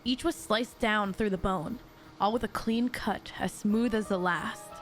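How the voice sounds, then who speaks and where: A woman streaming a mystery game, reading the dialogue aloud and breaking off into excitable, jokey asides to her chat. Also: medium pitch, unhurried, soft background music. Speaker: VTuber streamer.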